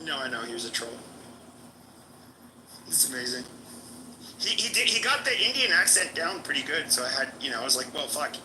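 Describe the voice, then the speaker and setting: A man's voice: mid-range voice, lively intonation, a little fast, long pauses, bright, forceful tone, reverberant, a little hiss or hum, low-quality recording. A man hosting a live stream, talking casually in a laid-back, rambling way. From Mexico.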